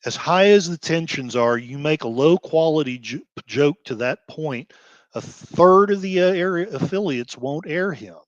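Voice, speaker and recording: A man's voice: on the high side, animated, no room sound. Heated man ranting on a dull mic. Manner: heated, sighing, quick outbursts between quieter stretches. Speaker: blogger host. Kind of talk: emotional commentary rant.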